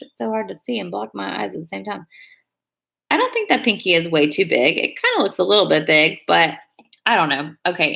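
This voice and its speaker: Chatty woman, bright gravelly voice. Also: on the low side. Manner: rambling, chatty, hedges a lot. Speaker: beauty vlogger on a live stream. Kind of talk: casual chat while doing her nails.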